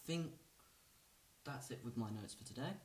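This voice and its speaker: A man giving a casual music lesson, relaxed and rambling, with lots of fillers and restarts. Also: medium pitch, moderate pace, noisy background. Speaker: music teacher. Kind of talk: casual instructional talk. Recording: roomy, from a distance.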